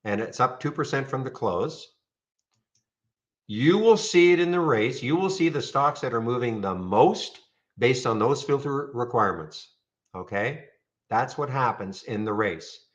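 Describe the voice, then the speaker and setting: A man casually walking viewers through trading software on a screen share, rambling and checking in with "okay?". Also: medium pitch, lively intonation, a little slow, highs cut off. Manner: rambling, frequent restarts and "okay?" check-ins.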